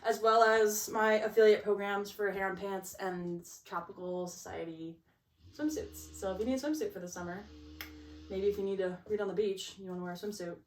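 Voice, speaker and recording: A woman's voice: mid-range voice, steady tone, fairly quick, far from the mic. A young woman chatting about her book picks, gushing and casual, filling her talk with likes and laughs. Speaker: book vlogger. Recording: echoey room, off-mic.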